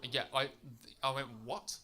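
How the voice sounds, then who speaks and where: A man from Britain performing a stand-up comedy set in a club, telling a chatty story with tag questions that bursts into shouted rants. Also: mid-range voice, fast talker, background noise. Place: comedy club stage with laughing audience.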